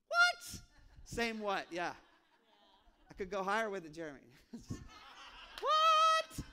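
A pastor delivers a sermon with a high, bright voice. He tells his stories animatedly, acting out dialogue and jumping into squeaky exclamations. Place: church sanctuary.

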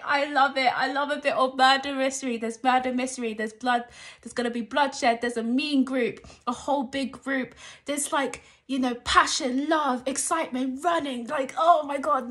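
A young woman gushing through a trailer reaction, talking animatedly and breaking into squeals and shouts. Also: sits high, normal speed. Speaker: YouTube reaction vlogger. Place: at home at night.

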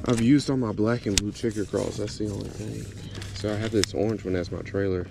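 A man's voice: lowish voice, steady tone, brisk, creaky. A young man, talking casually to camera as a fishing vlogger, rambling and thinking aloud with lots of fillers. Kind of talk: casual vlog talk to camera. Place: outdoors on a lake. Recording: noisy outdoor recording with passing vehicles.

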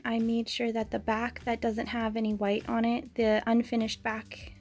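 A young plant vlogger with a slightly high, slightly mellow voice chats casually while building a plant shelf and showing off her houseplants. Her DIY narration is chatty and giggly, full of small laughs.

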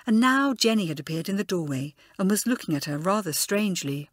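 A woman narrating a children's audiobook with expressive storytelling. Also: mid-range voice, fairly quick, few pauses, dry recording, clean studio sound. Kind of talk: scripted narration.

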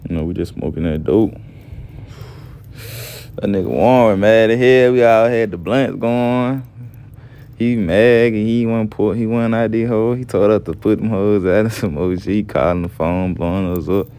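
Deep-voiced young man telling a slangy story. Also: moderate pace, warm tone, smooth. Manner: laid-back, profane, says "you feel me" often. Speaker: gameplay storyteller. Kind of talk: casual slangy story narration.

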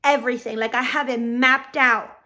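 A woman's voice: fairly high pitch, fairly even intonation, moderate pace, pushed and bright. A young woman who runs a balloon decorating business, telling a casual storytime straight to her viewers in a chatty way.

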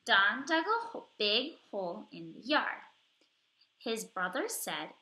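A woman teaching first grade, reading a story and leading phonics with slow, clear, drawn-out words and questions for the children. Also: a little high, sing-song, sharp tone, echoey room. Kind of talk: recorded reading and phonics lesson.

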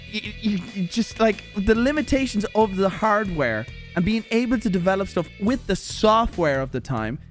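Animated Irish man ranting. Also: high voice. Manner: exasperated, profane and animated. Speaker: gaming YouTuber. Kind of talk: ranting reaction to viewer opinions.

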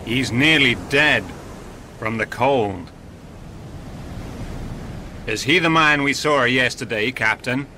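An actor playing a frightened sailor who exclaims in alarm in an audio drama. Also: male voice, mid-range voice, takes it slowly, pauses often, bright, forceful tone, a little hiss or hum, heavily acted. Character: frightened young sailor, jumpy. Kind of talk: radio drama acting.

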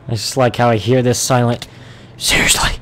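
A man's voice: mid-range voice, a little hiss or hum. A man streaming a survival game live, chatting to himself, swearing and yelping at what happens on screen. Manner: excitable, swearing, yelps and laughs at the game. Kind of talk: live gameplay commentary.

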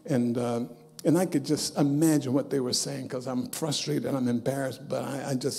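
A man preaching a sermon in a church as a bishop, telling a personal story and swinging from loud bursts down to soft, hushed asides. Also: medium pitch, fairly even intonation, normal speed, creaky. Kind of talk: sermon testimony. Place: church sanctuary.

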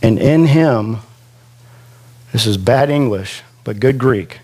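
A man preaching a sermon as pastor in a church classroom, chatty and self-deprecating, slowing down to stretch out quoted scripture for emphasis. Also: medium pitch, lively intonation, a little mellow. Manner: slow, conversational preaching with self-deprecating asides.

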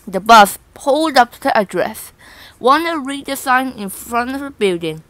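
A woman reading a children's picture book aloud in a slow, careful manner. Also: high voice, lively intonation, a bit bright, dry recording, low-quality recording. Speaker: storybook reader.

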